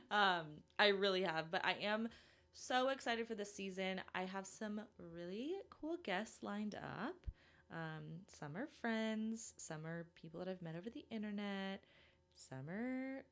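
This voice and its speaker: A woman's voice: mid-range voice, lively intonation, unhurried, fairly bright tone. A young woman from Minnesota hosting a solo podcast, chatty and self-deprecating, with lots of fillers. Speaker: podcast host.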